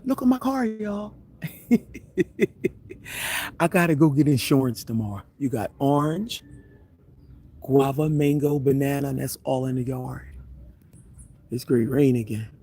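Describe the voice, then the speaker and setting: A man's voice: mid-range voice, warm tone, slight background noise. Chatty man on a live stream. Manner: chatty, greets viewers by name, laughs often. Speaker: livestream host. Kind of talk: casual live chat with viewers. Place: home, indoors then outside in the yard. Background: faint rain.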